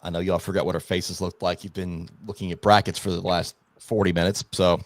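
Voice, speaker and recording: Guy hosting a sports stream, low gravelly voice, dry close sound, easygoing. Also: flat delivery, brisk, no room sound. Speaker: sports show host. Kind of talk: casual live-stream banter.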